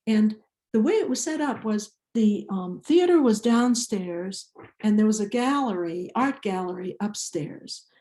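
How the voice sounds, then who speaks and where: An older woman from Iceland with an Icelandic accent, telling a personal story in a slow, deliberate way with small restarts. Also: mid-range voice, lively intonation, mellow, reverberant. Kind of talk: personal story told to an audience.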